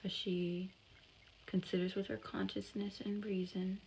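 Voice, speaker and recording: Gravelly young woman chatting about a book. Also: mid-range voice, level tone, a little slow, a little mellow, slight background noise, low-quality recording. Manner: chatty, blunt, swears and laughs. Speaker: book vlogger reading aloud. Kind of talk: casual reading vlog with commentary.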